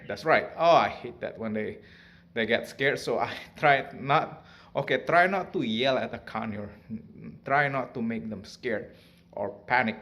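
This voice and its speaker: Chatty man with a bright voice. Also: mid-range voice. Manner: chatty, laughs often, coos at his bird. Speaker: pet bird owner vlogger. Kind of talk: casual talk to camera.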